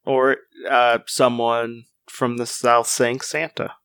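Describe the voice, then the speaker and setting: A man's voice: fairly high pitch, moderate pace, fairly bright tone, no echo. A man co-hosting a casual chat, rambling with many fillers and restarts while reading out folklore. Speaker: podcast co-host.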